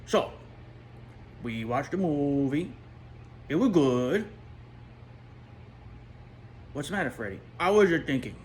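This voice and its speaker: A man's voice: a little high, expressive, normal speed, lightly acted. A talkative male toy pup spins a comic story, as a man puts him on. His voice swoops up and down, full of repeated words and chuckles, and there is a faint hum of room ambience behind. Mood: chatty. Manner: rambling, repeats words, laughs at own jokes. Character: chatty male toy dog, jokey and rambling. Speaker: storyteller host.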